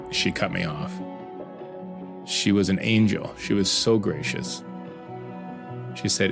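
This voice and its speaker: A man's voice: low-pitched, slow pace, gravelly, pauses often, music in the background. A man hosting a podcast, narrating a personal story in an earnest, reflective and heartfelt way. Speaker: podcast host.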